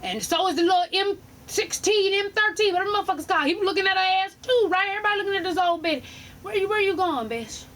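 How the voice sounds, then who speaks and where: High bright-voiced woman telling a rant. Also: fast talker. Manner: profane, animated, laughing storyteller. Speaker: vlogger. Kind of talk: casual storytime rant.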